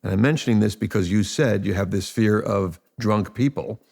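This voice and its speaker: A man who is an author and interviewer, explaining his ideas in a measured, reflective way. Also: lowish voice, creaky, a little mellow. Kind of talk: calm explanatory interview talk.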